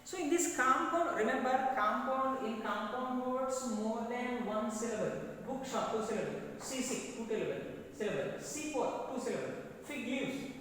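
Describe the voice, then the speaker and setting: A male English teacher with a Telugu-influenced Indian English accent, giving a classroom grammar lesson and repeating words slowly for students to drill. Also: extremely high pitch, fairly bright tone, a little hiss or hum. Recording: echoey hall, voice from far off.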